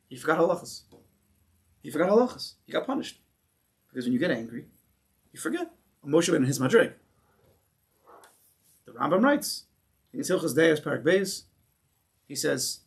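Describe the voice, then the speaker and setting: Male rabbi, slightly high voice, lively teaching style, acts out stories. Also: normal speed, long pauses. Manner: animated, acts out stories, rhetorical questions. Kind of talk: conversational Torah class.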